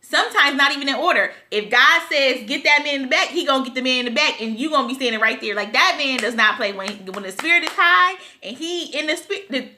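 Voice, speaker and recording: A woman's voice: sits high, lively intonation, fast, hardly any pauses, bright, forceful tone. A woman vlogger telling a personal story, tearful and rambling, laughing through her tears.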